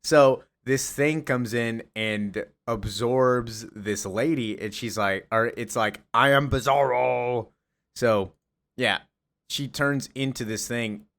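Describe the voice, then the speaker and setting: A young man casually recapping a comic story. He rambles, trails off with fillers and shrugs things off. He speaks at an ordinary middle pitch. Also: takes it slowly. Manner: rambling, filler-heavy, offhand.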